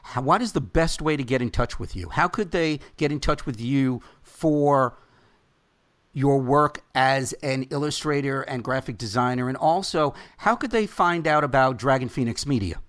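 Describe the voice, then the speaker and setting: A man's voice: medium pitch, moderate pace, a bit bright. A man hosting a podcast interview, speaking earnestly and emphatically and turning to address his listeners directly. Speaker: podcast host.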